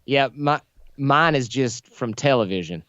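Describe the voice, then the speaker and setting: A man's voice: medium pitch, animated, fairly bright tone, no room sound. Blunt, joking man on a dull line. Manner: blunt, joking, fast-talking. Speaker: podcast guest. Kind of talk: casual interview chat. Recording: dry, slightly dull lo-fi audio.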